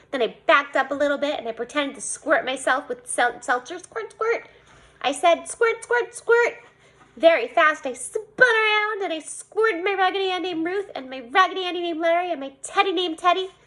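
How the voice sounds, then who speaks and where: A woman reading a children's storybook aloud in an animated way. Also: high-pitched, fairly quick, hardly any pauses. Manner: animated, voicing a young girl narrator. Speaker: reader.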